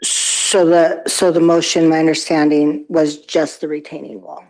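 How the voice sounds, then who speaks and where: A woman's voice: low-pitched, little pitch movement, moderate pace, a little mellow, rough recording. A woman chairing a council meeting, briefly calling on speakers by name.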